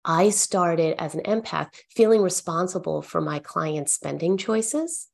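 Her voice lowish and gravelly, a middle-aged woman speaks a little slowly as a guest on a podcast. An accountant, she recounts stories earnestly and with animation, quoting what she and her clients said.

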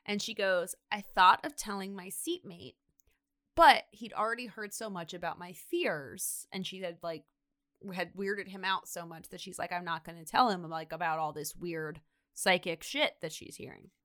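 Bright, animated woman retelling a story. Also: lowish voice, moderate pace. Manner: animated storyteller acting out quotes, lots of "like". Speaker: podcast co-host. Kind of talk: casual comedic retelling.

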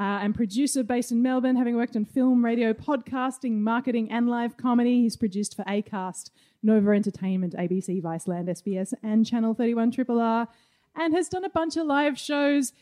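A woman hosts a live comedy debate, introducing each speaker to the crowd. Her delivery is upbeat and announcer-like, and her voice sits a little high. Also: fairly quick, warm tone. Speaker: host.

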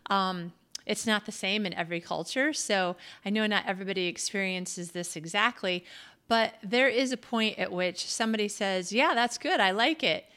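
A woman's voice: mid-range voice, steady tone, normal speed, a bit bright, clean tone. A woman from the United States talking casually in a solo monologue, chatty and self-deprecating, laughing often. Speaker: podcast host and author.

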